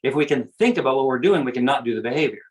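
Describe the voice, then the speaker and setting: A man of ordinary, middle pitch explains his ideas to an interviewer. He talks in an earnest, teacherly way and circles back over the same phrases. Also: animated, rapid-fire, low-quality recording. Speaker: guest speaker on self-awareness. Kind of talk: conversational explaining.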